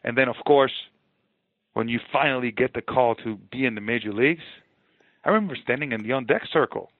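Earnest gravelly man on a phone-like line. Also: medium pitch, fairly quick, no room sound. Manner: earnest, animated storytelling, often repeats phrases. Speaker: podcast guest, former baseball player. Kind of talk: storytelling interview. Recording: dry, narrow phone-like sound.

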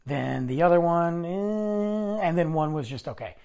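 Fairly quick and creaky, this man's voice sits on the high side as he rambles through an animated story on his vlog. He corrects himself as he goes and acts out quoted lines.

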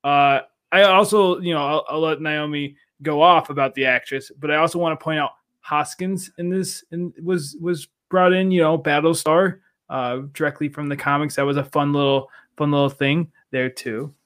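A man's voice: a little high, fairly even intonation, moderate pace, few pauses, a bit bright. A man co-hosting a podcast, chatting casually and rambling with lots of fillers. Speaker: podcast co-host. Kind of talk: casual panel chat.

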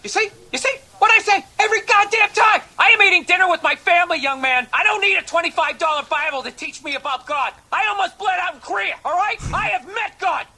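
A hot-tempered cartoon dad screams curses down the phone line in a shrill, very high voice. His tone is cutting and bright, every line a blast of rage. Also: quick pace, few pauses, exaggerated voice. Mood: enraged. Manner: shouting, cursing, explosive temper. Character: furious middle-aged father yelling into a wall phone. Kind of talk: animated sitcom clip.

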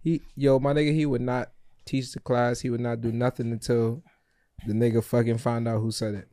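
A young man co-hosting a podcast, telling an animated story full of slang. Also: mid-range voice, brisk, no echo, clean studio sound. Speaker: podcast co-host. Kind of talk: casual storytelling.

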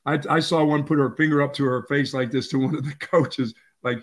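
An older man co-hosting a sports talk show, telling lively stories and acting out quotes. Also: mid-range voice, brisk, hardly any pauses. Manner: animated storyteller, acts out quotes. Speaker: sports radio co-host.

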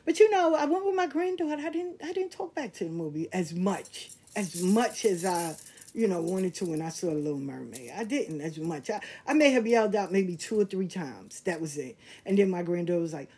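An older woman tells casual, animated stories, blunt, profane and laughing at herself. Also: medium pitch, normal speed, slightly rough. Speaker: host. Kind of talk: casual storytelling monologue.

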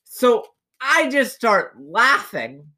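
A man's voice: very high-pitched, very animated, very slow, bright, forceful tone. A man co-hosting a podcast, telling a story in casual chat, acting out quotes and laughing often. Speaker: podcast co-host.

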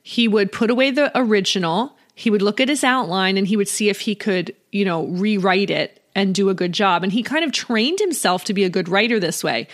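A thirtyish woman hosts a homeschool podcast, walking listeners through teaching steps in a warm, chatty manner. Her medium-pitched voice moves briskly with barely a pause, sprinkled with "you know" and "right?" as she explains.

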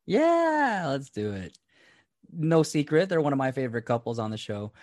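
A man co-hosting a casual podcast, animated and laughing often, cursing freely as he chats. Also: mid-range voice, moderate pace, no room sound, studio quality. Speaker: podcast co-host.

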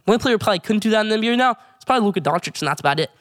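A man hosts a casual sports show and talks quickly in a slightly high voice. He rattles through scores and trades with eager, excitable energy. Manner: excited, rapid play-by-play recaps.

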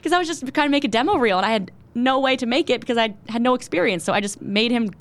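A young woman in her twenties, a TV news reporter, telling her story quickly and animatedly as an interview guest. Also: on the high side, lively intonation. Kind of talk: conversational interview.

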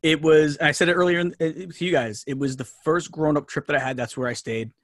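Guest spot: quick, eager New York man, lots of restarts, dry close sound. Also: on the high side, steady tone, no room sound. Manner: enthusiastic, rambling with many restarts. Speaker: podcast guest. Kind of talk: casual chat.

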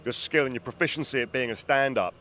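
A man's voice: mid-range voice, fast, bright, forceful tone. A man hosting a podcast, chatting and asking friendly questions in a casual outdoor interview. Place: outdoors on a street.

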